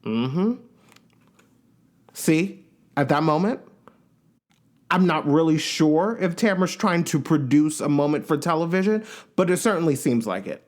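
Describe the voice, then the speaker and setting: Animated, sassy male recap host. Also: on the high side, a little slow, long pauses. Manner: animated and sassy, acting out quotes in changing voices. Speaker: podcast host recapping a reality show. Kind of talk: casual opinionated recap monologue.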